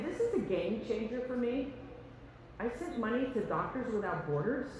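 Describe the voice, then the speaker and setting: A woman's voice: mid-range voice, background noise. A woman leading a choir rehearsal, chatty and joking, who sings rhythms on syllables and counts the singers in. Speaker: choir conductor. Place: large rehearsal hall. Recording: echoey hall from far off, with music.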